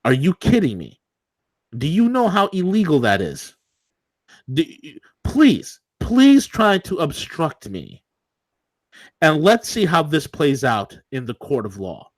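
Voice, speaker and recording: A man's voice: fairly high pitch, big pitch swings, moderate pace, no room sound. A man co-hosting a political talk show, ranting combatively and sarcastically.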